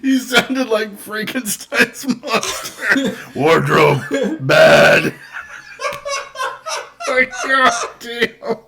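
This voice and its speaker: A man's voice: very high voice, fairly even intonation, drawn-out words, pauses often, a crowd in the background. A man co-hosting a casual movie review podcast. He talks candidly and laughs easily. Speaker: podcast co-host.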